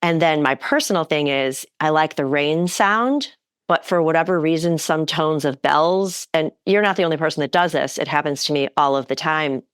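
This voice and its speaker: A woman's voice: deep voice, normal speed, clean tone, dry recording, studio quality. A woman hosting a wellness podcast, chatting casually and laughing often as she tells stories. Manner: giggly, animated storyteller. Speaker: podcast host. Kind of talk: casual interview chat.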